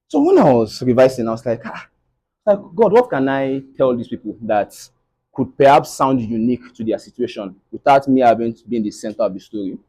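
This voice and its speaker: In a mellow, mid-range voice, a young Nigerian motivational speaker with a Nigerian English accent addresses a live audience on faith, preacher-style, often asking "right?". The recording is rough.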